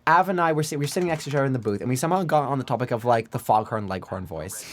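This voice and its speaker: A man telling a story casually on a podcast, stammering and excitable. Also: medium pitch, very fast. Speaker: podcast guest.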